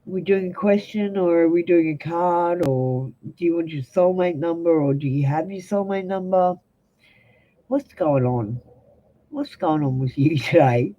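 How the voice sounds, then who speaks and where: Blunt Australian woman tarot reader, mellow tone, dull lo-fi stream sound. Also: lowish voice, animated, unhurried. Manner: blunt, direct, talks straight to viewers. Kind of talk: live-stream tarot reading.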